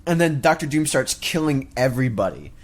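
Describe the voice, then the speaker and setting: A man's voice: medium pitch, big pitch swings, fairly quick. Man rambling through a movie recap. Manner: rambling recap with mocking quoted voices and laughs. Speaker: podcast co-host. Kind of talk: casual movie discussion.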